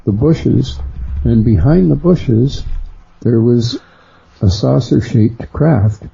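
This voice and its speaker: A middle-aged man, a guest on a radio interview, slowly recounting a personal experience and lifting his voice for the people he quotes. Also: creaky, mellow, breathy edge. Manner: unhurried storyteller who acts out quoted voices higher. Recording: dull lo-fi sound.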